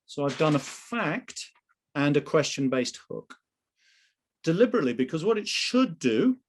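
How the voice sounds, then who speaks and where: A man's voice: on the high side, big pitch swings, moderate pace, slight background noise. A man running a live online sales training session over a video call, emphatic and full of rhetorical questions.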